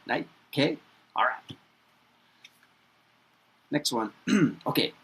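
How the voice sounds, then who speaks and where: A man teaching pronunciation in an upbeat, playful way, repeating each word slowly and chuckling between them. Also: on the high side, big pitch swings, a bit bright, husky. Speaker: English teacher. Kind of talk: pronunciation lesson with repetition.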